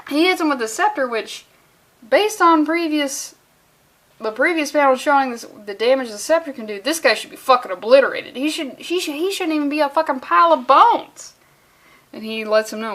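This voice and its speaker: A woman's voice: sits high, a bit bright. A woman casually reviewing a comic book, sarcastic and profane, acting out the characters' lines in passing.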